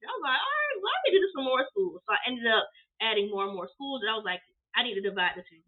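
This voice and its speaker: A woman guest telling her business story in a casual interview, animated and acting out quoted dialogue. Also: medium pitch. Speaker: guest, apparel business owner. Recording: tinny phone-like line.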